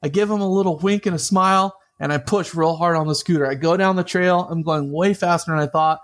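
Lively man telling a story with a slightly high voice. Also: brisk. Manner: lively, laughing, acts out quoted voices. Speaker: interview guest. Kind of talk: animated personal storytelling.

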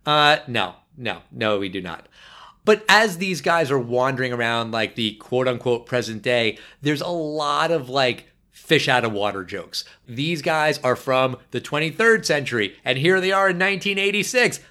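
Bright, animated man on a podcast. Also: medium pitch, measured pace. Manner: animated, wry, lots of fillers. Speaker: podcast co-host. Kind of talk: casual podcast chat.

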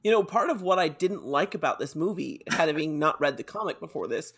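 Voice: medium pitch, expressive, brisk, fairly bright tone, slightly rough. A podcast co-host in a casual movie chat, teasing and cutting in, laughing often. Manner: teasing, interjecting, laughs a lot.

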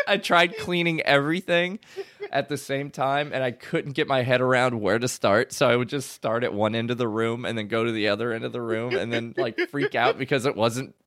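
A man's voice: medium pitch, normal speed, fairly bright tone. A young man chatting casually as a podcast co-host, telling a loose, slangy story and laughing often. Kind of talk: casual chat.

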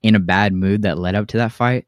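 A young man co-hosts a casual podcast, spinning crude, animated stories and playing out every quote himself. His voice sits on the lower side and comes through dry and close, with no room sound. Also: fairly quick, no room sound, highs cut off. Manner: profane, animated storytelling with acted-out quotes. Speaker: podcast co-host. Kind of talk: casual storytelling chat.

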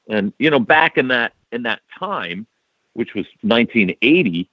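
A man in his fifties from New York, a broadcaster telling stories as a guest in a casual interview, laughing often and jumping in pitch when quoting himself. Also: sing-song, moderate pace, no echo. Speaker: radio and wrestling broadcaster, guest. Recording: slightly dull, dry podcast audio.

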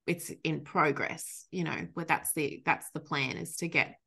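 An Australian woman, a dog trainer co-hosting a podcast, chatting casually and telling animated stories. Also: low-pitched, unhurried, vocal fry, breathy edge. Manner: animated storytelling, frequent laughter, loose swearing. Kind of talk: casual chat.

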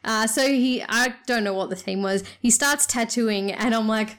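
A woman's voice: a little high, moderate pace. Giggly woman telling a story. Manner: giggly, animated storyteller who acts out quotes. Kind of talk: casual chat, telling a dream.

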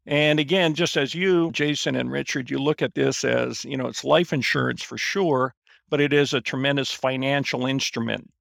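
A man's voice: mid-range voice, normal speed, gravelly, fairly bright tone, dry recording, clean studio sound. A man in his fifties, a guest on a finance podcast, telling his story casually with lots of fillers and restarts. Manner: rambling, many fillers and restarts.

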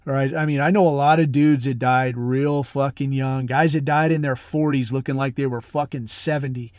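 A podcast host from the military special operations community tells a long, rambling story in blunt, profane, casual talk packed with fillers. His mid-range voice is steady, moderately paced, and darkish, recorded cleanly in a studio with no echo.

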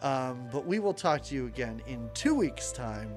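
A man's voice: mid-range voice, sing-song, moderate pace, over music. A man co-hosting a podcast in casual chat, laughing often as he runs through upcoming episodes. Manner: chatty, laughs often, announces schedule. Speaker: podcast co-host.

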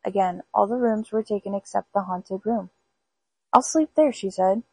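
Husky woman reading spooky stories. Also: mid-range voice, steady tone, moderate pace, mellow, dry recording, rough recording. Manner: unpolished amateur reading with small stumbles. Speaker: podcast host reading stories aloud. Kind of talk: storybook read-aloud.

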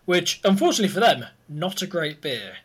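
A man's voice: on the high side, sing-song, a little fast, a bit bright, husky. A man hosting a history podcast, chatting easily and explaining things step by step. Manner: easygoing, laughs often, explains step by step. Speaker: podcast host presenting history. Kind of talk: casual chat and history explanation.

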